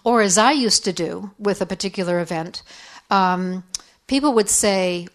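A woman's voice: mid-range voice, moderate pace. Candid middle-aged woman, conversational talk. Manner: candid, conversational, acts out quoted voices. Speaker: speaker on faith and forgiveness. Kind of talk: reflective personal talk to women.

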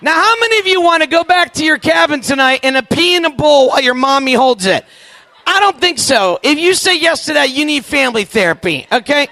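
A man in his forties telling a funny story to a youth camp crowd, animated and acting out the voices, with quick asides to the audience. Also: extremely high pitch, gravelly, dry recording. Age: 40s. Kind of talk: comedic storytelling to a live audience.

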